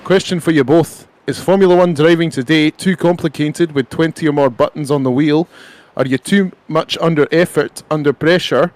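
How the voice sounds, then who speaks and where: A man's voice: on the high side, normal speed, a little mellow, no echo, voice pushed up, natural voice. A man doing a Scottish brogue, reading a question formally. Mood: mock formal.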